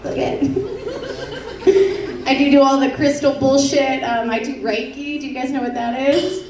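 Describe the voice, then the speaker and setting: Brash high-voiced woman doing stand-up. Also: animated, a little slow. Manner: brash, self-mocking, punchy delivery. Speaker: stand-up comedian. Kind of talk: stand-up set. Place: comedy club stage before an audience. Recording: roomy club sound, heard from afar, loud crowd. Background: audience laughter.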